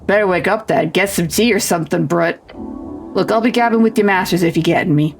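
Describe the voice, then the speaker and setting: A woman voicing a gruff, cocky male goblin potion seller who talks in rude street slang with a crunchy voice. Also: fairly low pitch, fairly quick, faint music behind, lightly acted. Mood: brash. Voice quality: crunchy, gravelly.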